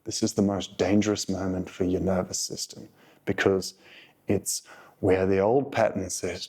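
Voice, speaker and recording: A man hosting a relationship advice channel, speaking in a calm, deliberate coaching monologue to viewers. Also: low voice, breathy edge.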